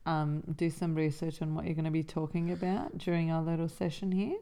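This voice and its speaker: Husky-voiced sick woman co-hosting a podcast. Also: low voice, level tone, a little fast, mellow. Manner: giggly, joking. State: husky from illness. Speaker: podcast co-host. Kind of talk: casual chat.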